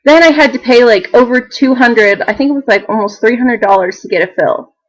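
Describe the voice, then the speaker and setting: A young woman vlogging in a chatty, animated way, full of fillers and laughter. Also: a little high, brisk, low-quality recording. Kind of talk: casual chat to camera.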